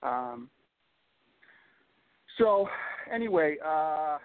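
Over a tinny phone line, a man with a Boston accent chats casually as an interview guest, modest and hesitant and full of fillers. His voice is a little high, with lively intonation and drawn-out words.

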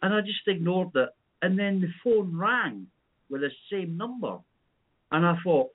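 A man with a Scottish accent co-hosting an internet radio show, telling an anecdote in an animated, profane way. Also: sits high, measured pace, breathy edge. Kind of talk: casual chat, anecdote. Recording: tinny phone-like line.

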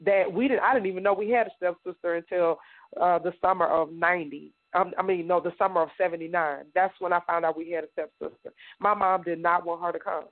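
A middle-aged woman from Indiana recounts her past in a radio interview, her voice thin and phone-like. She talks haltingly, doubles back on her words, and voices the people in her story as she goes. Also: lowish voice, fairly even intonation. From Indiana, United States. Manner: halting, repeats words, acts out others' lines. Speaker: guest survivor telling her story. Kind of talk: personal testimony in a radio interview. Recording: tinny phone-like radio sound.

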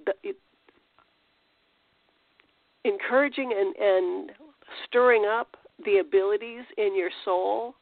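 Speaking slowly with a creaky, medium-pitched voice and long pauses, a Christian teacher delivers a casual spiritual talk full of restarts and rhetorical questions. There's no room sound, and the audio has a thin, phone-like dryness.

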